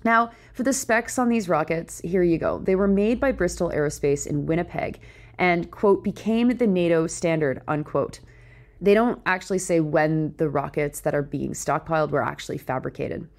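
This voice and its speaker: A woman's voice: low-pitched, moderate pace. A woman hosting opinionated news commentary, reading out quotes and breaking into sarcastic, incredulous asides.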